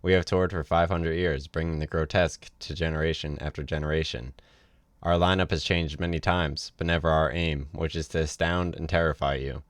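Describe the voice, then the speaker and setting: A man reading aloud voices a tall, ancient circus ringmaster who gives a formal, ominous welcome in a low, croaky voice. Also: level tone, a little fast, no room sound, clean studio sound. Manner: formal, warning showman's address.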